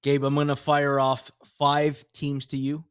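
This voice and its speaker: A man's voice: fairly high pitch, completely flat delivery, a little slow, clear, resonant tone, no echo, clean studio sound. A man hosting an interview podcast, chatty and casual, often stammering as he restarts lines. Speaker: podcast host.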